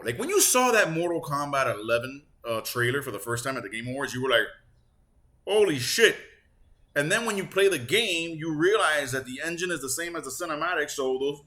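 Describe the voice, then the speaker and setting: A man hosting a gaming channel, ranting casually and sarcastically with lots of swearing, a bit stuffed up. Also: on the high side. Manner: profane, animated, sarcastic. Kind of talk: casual on-camera rant.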